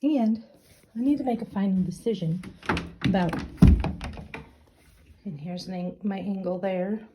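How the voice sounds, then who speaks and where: In a casual handheld tour of her home office, a middle-aged craft and journaling vlogger chats breathlessly and makes fun of herself. She speaks unhurriedly in a mid-range voice; the recording is muffled and very noisy.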